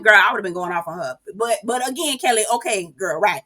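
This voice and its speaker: A woman's voice: animated, a little fast, hardly any pauses, bright, forceful tone. A woman giving a casual, profane, gossipy recap of a reality show, full of quoted reactions and sudden exclamations. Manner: speaks with swooping pitch jumps and exclamations.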